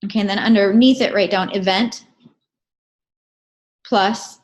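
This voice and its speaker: A woman presenting a casual, storytelling recap of a training event. She talks in an animated way and keeps checking in with her listeners. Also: medium pitch, measured pace, long pauses.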